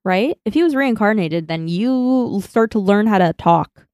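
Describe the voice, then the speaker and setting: A woman co-hosting a podcast, telling stories in an animated way and swearing freely. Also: mid-range voice, unhurried, smooth, no room sound, clean studio sound. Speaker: podcast co-host. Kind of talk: casual chat.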